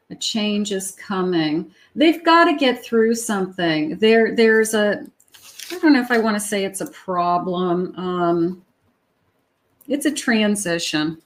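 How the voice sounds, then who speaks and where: Chatty woman giving a tarot reading. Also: mid-range voice. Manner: chatty, conversational, with frequent fillers and restarts. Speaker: tarot reader.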